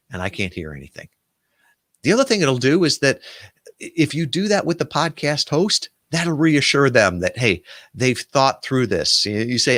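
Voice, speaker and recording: A man's voice: medium pitch, normal speed, dry recording. Dry-voiced man giving casual advice. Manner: animated storytelling with fillers. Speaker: podcast booking agency owner.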